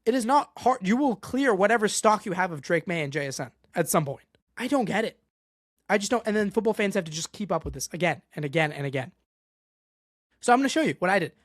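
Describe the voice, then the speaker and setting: A man's voice: high voice, a bit bright, dry recording, clean studio sound. A young man hosting a solo sports podcast, ranting with exasperation and going off on tangents. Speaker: podcast host.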